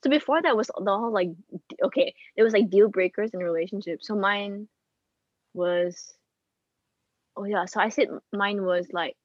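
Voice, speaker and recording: A young woman in casual chat, talking fast and swearing, acting out what people said. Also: mid-range voice, no room sound. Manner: chatty, swears a lot, acts out quotes. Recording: slightly dull lo-fi sound.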